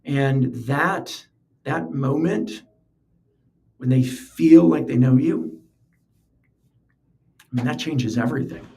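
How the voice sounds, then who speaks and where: A man talks earnestly on his solo podcast, keeping it casual and conversational and often repeating words as he thinks. His medium-pitched, dark-toned voice is slow and pauses often.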